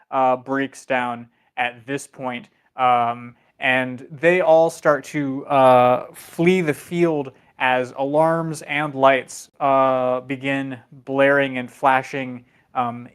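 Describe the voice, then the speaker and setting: A game master narrating a tabletop game, halting with many ums and uhs. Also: mid-range voice, clean tone.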